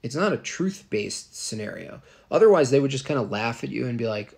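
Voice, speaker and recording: A man's voice: medium pitch, sing-song, fairly quick, creaky, few pauses, a little mellow. A man in a casual, ranting monologue, scornful and rambling, full of fillers.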